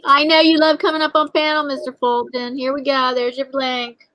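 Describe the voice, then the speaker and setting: A chatty woman hosting a casual livestream, with a high voice that sits forward and bright. She greets viewers by name as they join. The sound is dry and close, with no room around it. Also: little pitch movement, moderate pace, no echo, low-quality recording. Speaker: livestream host. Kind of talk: casual live chat.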